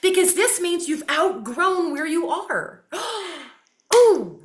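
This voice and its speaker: A woman, a talk show guest chatting casually, animated and swearing freely. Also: very high voice, slow. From Mississippi, US. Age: 50s. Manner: animated, swears freely, addresses listeners as y'all.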